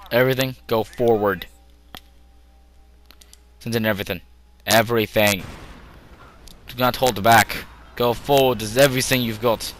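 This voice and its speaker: A man's voice: medium pitch, steady tone, normal speed, pauses often, a bit bright, a little hiss or hum, low-quality recording. A young man giving rambling, joking commentary while playing a strategy game at his computer, often talking to himself. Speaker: gameplay commentator. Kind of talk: casual gameplay commentary.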